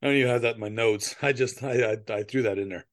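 A man's voice: medium pitch, fast. A man co-hosting a podcast in casual chat, telling stories in a rambling way, laughing often and swearing casually. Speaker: podcast co-host.

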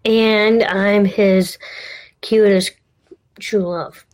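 Female co-host, unhurried delivery, teasing and dry. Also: medium pitch, fairly even intonation, darkish tone. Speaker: podcast co-host. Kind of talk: casual chat.

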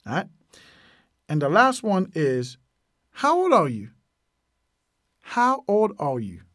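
A man's voice: on the high side, wildly swooping pitch, slow, fairly bright tone, no echo, clean studio sound. A man hosting a podcast, teaching useful phrases casually, repeating each one and using plenty of fillers. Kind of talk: casual language lesson.

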